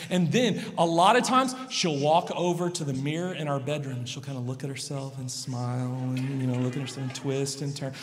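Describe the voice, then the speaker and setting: A man in his thirties preaching in a sanctuary, with a fairly high voice. He tells stories and swings from hushed lines to loud ones. His words ring out with a long hall reverb. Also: a little hiss or hum. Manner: storytelling, swings between soft and loud emphasis. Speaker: pastor. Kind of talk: sermon.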